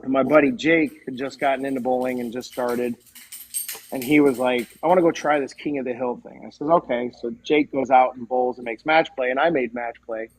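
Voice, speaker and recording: A man as a podcast guest, telling stories in a casual, animated way and acting out the dialogue. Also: medium pitch, fairly quick, low-quality recording. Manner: animated, acts out quoted dialogue. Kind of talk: casual storytelling.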